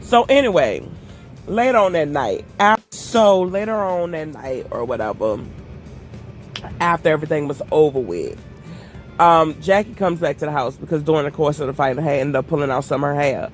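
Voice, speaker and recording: Brief: animated, foul-mouthed woman vlogger telling a story on a walk, faint music behind. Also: low-pitched, moderate pace. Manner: profane, animated, addresses viewers as y'all. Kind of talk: casual storytime. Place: outdoors while walking.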